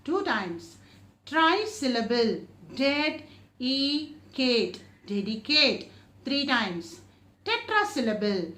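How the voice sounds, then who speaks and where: Woman teacher for a children's English lesson, high and lively, drawn-out words, roomy echo. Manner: slow, drawn-out modelling of each word, often repeated; asks the class questions and answers them herself.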